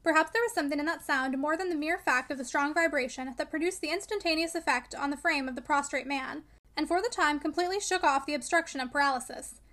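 High-voiced woman reading a classic novel. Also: fast, a bit bright. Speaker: audiobook reader. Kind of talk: scripted narration of a classic novel.

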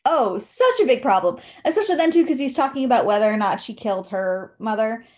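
Woman, high and lively, giggly outrage over a book plot. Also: fast. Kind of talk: casual chat about a book.

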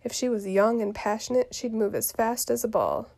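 A lovesick young girl pressing for news, as a woman reads her from a play, spoken quietly with some words slipping into a whisper. The voice sits a little high, with a gravelly fry and a mellow, dark tone. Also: very animated, moderate pace, exaggerated voice. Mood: eager. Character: impatient lovesick teenage girl. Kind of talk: reading a play aloud.

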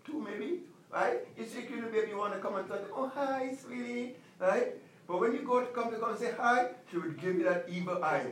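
A male pastor preaching a sermon, emphatic, repeating commands and slowing down to stress them. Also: high voice, fairly bright tone, echoey room, distant mic, slight background noise, low-quality recording.

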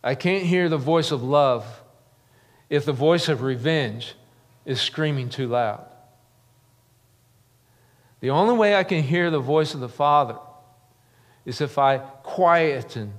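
Middle-aged pastor preaching in reverberant hall. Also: male voice, a little high, animated, takes it slowly, pauses often. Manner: earnest preaching with rising emphasis and repeated phrases. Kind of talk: sermon. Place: church sanctuary. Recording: long reverb of a large church hall.

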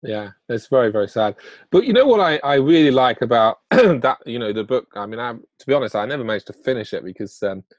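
A man hosts an interview in a friendly, appreciative way, full of casual fillers. His pitch sits in the middle range. The recording is somewhat dull and dry. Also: expressive, quick pace, dry recording. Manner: friendly, appreciative, many "you know" fillers. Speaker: interviewer, podcast host. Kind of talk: conversational interview.

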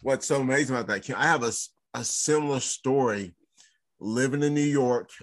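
A man hosts a faith podcast in a lively, laughing way. He drifts into preacherly asides about his beliefs, his voice a plain middle register. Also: medium pitch, a little fast. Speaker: podcast host. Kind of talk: casual interview chat.

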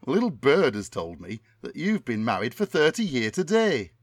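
A man's voice: mid-range voice, wildly swooping pitch, normal speed, dry recording, studio quality. A man doing an impression of a middle-aged northern English entertainer with a Bolton accent, rambling in a chummy, oblivious way.

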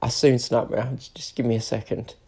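A man's voice: medium pitch, little pitch movement, normal speed, vocal fry, dark tone, husky. A British man in his forties, tearful and emotional, ranting in an unscripted solo podcast monologue and swearing often. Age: 40s. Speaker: podcast host.

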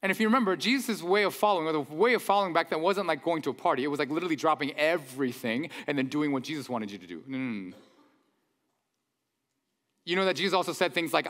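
Animated preacher man in a reverberant hall. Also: sits high, fast talker. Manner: animated, conversational, mock-incredulous asides. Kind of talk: sermon.

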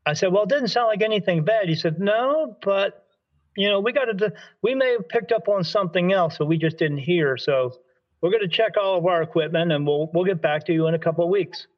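A spirit medium from Delaware speaks fairly quickly in a voice that sits high, captured with dull audio. Telling a story in conversation, he acts out what people said and keeps restarting his sentences.

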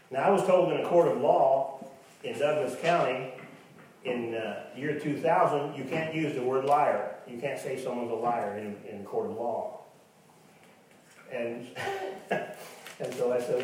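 A male pastor preaches in a folksy, conversational way, mixing personal stories with scripture and asides to the congregation. His voice sits at an ordinary pitch and rings through a very echoey church hall. The mic is set some distance from him, and a faint room hiss runs underneath. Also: unhurried, darkish tone. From Kansas, USA. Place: church sanctuary.

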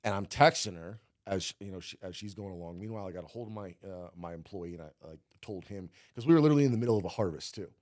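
A man's voice: low voice, very fast, few pauses, a little mellow, no room sound, clean studio sound. A man being interviewed, telling a story casually with lots of "like" and some swearing. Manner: rambling, heavy use of "like", swearing. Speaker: guest, former cannabis cultivator.

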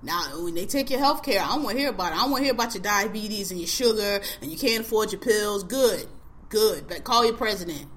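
A woman podcast co-host delivering a blunt, heavily profane ranting monologue, scolding listeners and hammering on repeated phrases. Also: medium pitch. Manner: fast-paced, emphatic, keeps repeating a phrase.

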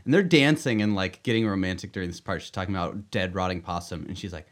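Joking man with a low voice. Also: animated, fairly quick. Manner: joking, laughs often, dry asides. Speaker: podcast co-host. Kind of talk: casual chat about a film.

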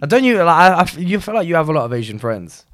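A young man co-hosts a casual podcast over a video call. His banter is boisterous and teasing, full of swearing. The voice sits a bit high and bright, and it swings widely in pitch. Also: big pitch swings, rapid-fire, no echo, clean studio sound. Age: young adult. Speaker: podcast co-host.

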